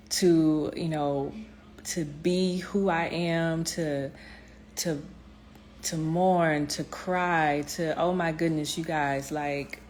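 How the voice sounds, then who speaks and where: A woman with a low, full voice speaks from the heart in a personal motivational vlog. She talks straight to her viewers with encouragement, trailing off and restarting often. Faint background noise sits under her voice. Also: fairly even intonation, very slow, pauses often. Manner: earnest, heartfelt, many fillers and restarts.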